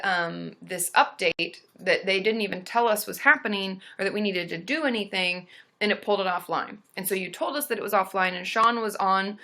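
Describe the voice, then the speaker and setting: A woman's voice: medium pitch, bright, forceful tone. A woman therapist hosting a casual live stream, chatting to viewers in a bubbly, rambling way with lots of fillers.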